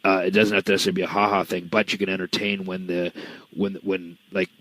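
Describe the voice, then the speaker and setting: Fast-talking middle-aged male podcast co-host. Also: low-pitched, little pitch movement, a bit bright, dry recording, poor audio. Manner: rambling, eager, talks through his points. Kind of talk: casual podcast chat.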